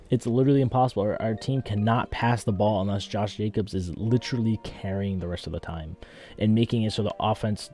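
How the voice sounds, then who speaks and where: A man's voice: fairly low pitch, dark tone. A young man ranting as a frustrated sports fan, swearing a lot and sounding exasperated. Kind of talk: angry fan rant.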